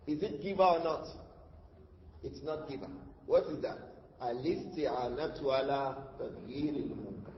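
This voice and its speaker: A man with a somewhat high voice gives a religious lesson. He poses rhetorical questions to his listeners, answers them himself, and explains the Arabic terms he uses. The sound is muffled, with a long hall echo. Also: normal speed. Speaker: Islamic teacher. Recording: dull, echoey hall with faint noise.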